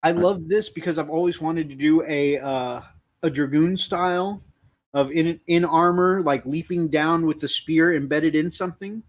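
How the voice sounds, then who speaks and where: A man's voice: a little high, moderate pace. Easygoing man reading chat comments. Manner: reads out viewer comments, easygoing. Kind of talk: casual livestream chat.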